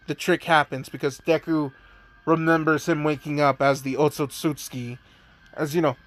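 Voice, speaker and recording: A man casually narrating a fan-made story, rambling with many fillers. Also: fairly high pitch. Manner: rambling, heavy use of "you know" and "like".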